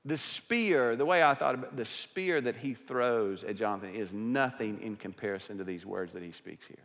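A male pastor preaching a sermon in church, speaking conversationally and moving from hushed asides to raised emphatic passages. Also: fairly low pitch, moderate pace. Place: church sanctuary. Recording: long hall reverb.

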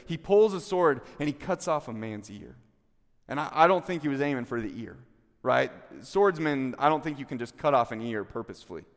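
A man's voice: medium pitch, brisk. Pastor guy preaching, acts out the lines, voice rings around a big hall. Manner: animated storytelling, acting out quotes with rising intensity. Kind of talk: sermon.

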